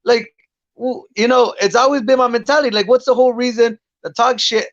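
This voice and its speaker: A man's voice: very high voice, steady tone, fast, dry recording, dull audio. A man, a guest fighter, chatting bluntly and profanely on a podcast, rambling through his points. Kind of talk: casual podcast chat.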